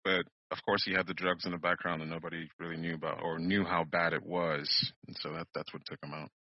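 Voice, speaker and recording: A man with a husky, low voice co-hosts a podcast in blunt casual chat. He laughs easily and swears without fuss. The sound is dull and dry. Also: flat delivery, brisk, no echo. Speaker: podcast co-host.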